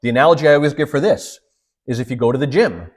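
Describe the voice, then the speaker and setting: A man's voice: mid-range voice, quick pace. A man who is a priest, giving a storytelling lecture and acting out the dialogue in his stories.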